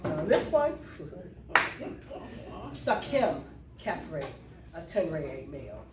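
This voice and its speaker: A woman's voice: low voice, sing-song, very slow, dark tone. Woman telling her story in an echoey hall. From US Lowcountry (South Carolina). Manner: emotional, conversational Southern storytelling with call to the crowd. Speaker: storyteller speaking at a cultural event. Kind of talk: personal testimony to a live audience. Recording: roomy sound from far off, faint room noise.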